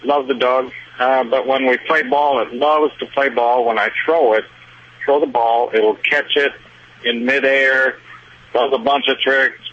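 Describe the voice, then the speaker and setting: Bright-voiced male caller on a phone line. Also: medium pitch, steady tone, a little slow. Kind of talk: call-in question.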